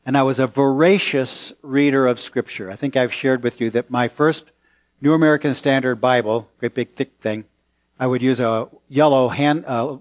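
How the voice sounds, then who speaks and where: A middle-aged male pastor preaching a sermon, telling stories in an animated way with quick laughs. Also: on the high side.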